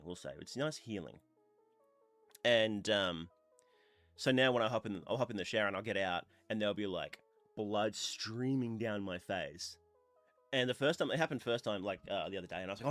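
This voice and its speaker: A man talking casually on his livestream, rambling with lots of fillers, a bit stuffy from blowing his nose. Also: lowish voice. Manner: rambling, chatty, with many fillers. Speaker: streamer.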